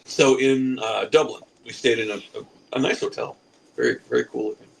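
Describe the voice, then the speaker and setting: Man, 40s, podcast storyteller: gravelly, profane, loose and rambling, laughs at his own lines. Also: mid-range voice, a little fast, a little hiss or hum, low-quality recording. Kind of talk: casual comic anecdote.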